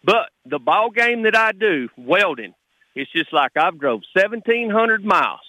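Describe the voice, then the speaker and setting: A middle-aged man with a drawl talks bluntly and heatedly on a call-in show. His voice sits a little high, bright and tense. The sound is dry, with no room echo. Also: very animated, unhurried. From Texas. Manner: fired-up, blunt, rambling. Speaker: caller. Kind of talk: call-in radio talk.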